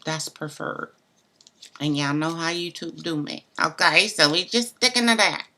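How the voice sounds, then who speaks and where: A woman's voice: low-pitched, lively intonation, a little slow, pushed and bright. A woman hosting a live tarot reading stream, chatting loosely and bluntly with viewers. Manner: chatty, talks straight to viewers; loose and blunt, mild cussing. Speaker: tarot reader.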